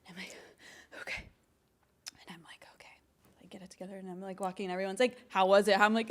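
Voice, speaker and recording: A woman in her thirties, a guest in a casual interview, telling animated stories with lots of laughter and acted-out quotes. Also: medium pitch, quick pace. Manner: giggly, animated, quotes others in voices.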